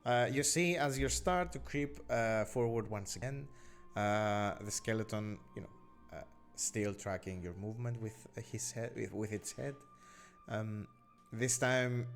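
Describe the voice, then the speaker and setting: A man narrating as game master in an online tabletop game, pausing often with filler sounds as he describes the scene. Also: on the low side, faint music behind. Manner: unhurried, many filler "uh"s, hedging descriptions. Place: online voice call.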